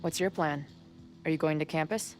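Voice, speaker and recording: A woman voicing a calm, curious young woman asking questions in a video game. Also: low voice, moderate pace, over music, close to an everyday voice. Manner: even, questioning.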